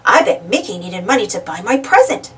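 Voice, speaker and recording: A woman's voice: mid-range voice, brisk, far from the mic. A woman voicing an eager, greedy male cartoon duck, who exclaims a lot, a little away from the mic. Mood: curious. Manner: excitable, exclaiming.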